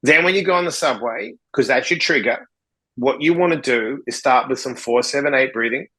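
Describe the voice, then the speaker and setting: A man, a podcast guest telling stories in a casual, animated way and acting out both sides of the dialogue. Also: medium pitch, a little fast, low-quality recording. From Australia. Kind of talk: casual storytelling in a podcast interview.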